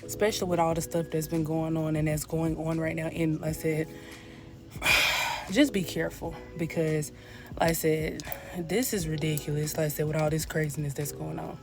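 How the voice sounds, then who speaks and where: A woman's voice: low-pitched, level tone, moderate pace, music in the background. Rambling woman vlogging from her car. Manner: rambling, repeats "like I said". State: out of breath. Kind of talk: casual talk to camera. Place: parked car.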